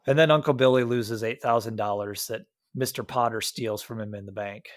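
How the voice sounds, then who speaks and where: A man's voice: mid-range voice, steady tone, brisk, no room sound, clean studio sound. A young man co-hosting a podcast, chatting casually about a film with frequent restarts and acted-out quotes. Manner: rambling, many restarts, acts out quotes. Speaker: podcast co-host.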